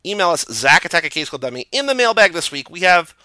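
A man's voice: sits high, sing-song, fast talker, bright, forceful tone. A man co-hosting a podcast, chatting casually and rambling loosely through the show's business. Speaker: podcast co-host. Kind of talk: casual chat.

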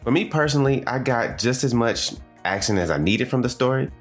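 A man's voice: mid-range voice, animated, brisk, soft background music. A man from the American South with a Southern accent, giving a casual spoken review as a show host, chatting with asides to his audience. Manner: conversational, with digressions and asides to the audience. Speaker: anime reviewer and podcast host.

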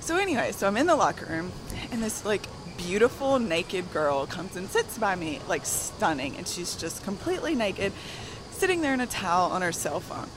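A soft-spoken woman with a Southern accent telling a story while walking on a gym treadmill. She is out of breath and laughs between sentences. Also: medium pitch, very animated, normal speed. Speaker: guest. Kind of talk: casual storytelling. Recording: loud gym noise behind.

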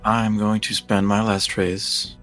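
A man's voice: on the low side, flat delivery, slow, a bit bright, soft background music. A man playing a tabletop game, speaking plainly both in and out of character. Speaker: player.

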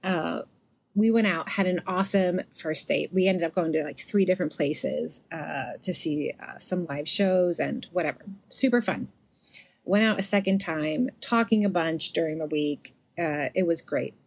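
A young adult woman co-hosts a podcast, chatting casually and telling stories full of quick sarcastic asides. Her voice sits low, with a little hiss or hum in the recording.

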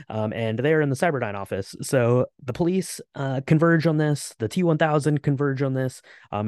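A man's voice: mid-range voice, dry recording, studio quality. A man co-hosting a podcast, casually recapping a film with lots of fillers and restarts. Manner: relaxed, many fillers and restarts. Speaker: podcast co-host. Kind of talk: casual movie recap chat.

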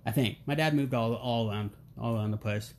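Animated joking middle-aged man. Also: medium pitch, a little fast, a little hiss or hum. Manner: animated storyteller, acts out quotes, jokey. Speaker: interview guest. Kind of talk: casual podcast interview.

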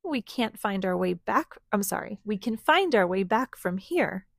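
Timid hesitant queen bee, soft storybook voice, a bit gravelly, a woman reading. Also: medium pitch, lively intonation, a little slow, dry recording, clean studio sound. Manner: hesitant, trembling.

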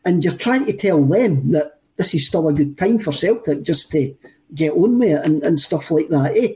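Excitable Scottish man, high and mellow. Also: moderate pace, rough recording. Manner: enthusiastic, rambling, repeats himself. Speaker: podcast co-host. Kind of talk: casual chat.

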